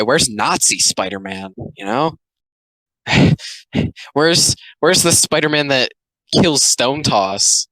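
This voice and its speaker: Young male commentator, sarcastic and rambling; bright, forceful tone, dry close sound. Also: mid-range voice, lively intonation, moderate pace, dry recording, rough recording. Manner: rambling, sarcastic, many filler likes. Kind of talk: casual reaction commentary.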